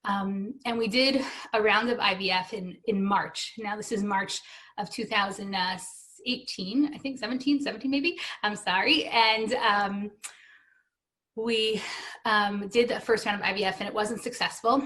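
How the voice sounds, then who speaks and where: A woman's voice: medium pitch, unhurried, a bit bright. A woman in her thirties giving an earnest, emotional personal testimony, acting out what others said to her. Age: 30s. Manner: earnest and emotional, with acted-out quoted dialogue. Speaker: guest telling her story. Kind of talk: personal testimony at a benefit stream.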